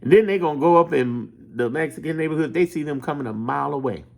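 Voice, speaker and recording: A man from Chicago talking in a loose, animated monologue, rambling, swearing and laughing as he tells stories. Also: fairly high pitch, fast talker, gravelly. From Chicago, USA. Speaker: political commentator. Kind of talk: casual monologue.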